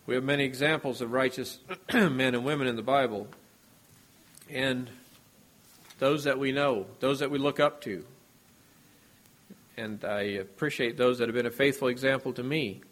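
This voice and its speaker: A male preacher delivering a sermon at a middle pitch. He speaks in a measured, earnest way, letting his voice fall quietly at the end of each thought. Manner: measured and earnest, voice dropping at phrase ends.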